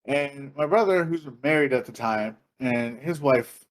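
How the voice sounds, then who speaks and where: A man co-hosting a podcast, telling a story in casual chat, animated and profane, laughing and acting out other people's voices. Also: mid-range voice, unhurried. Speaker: podcast co-host.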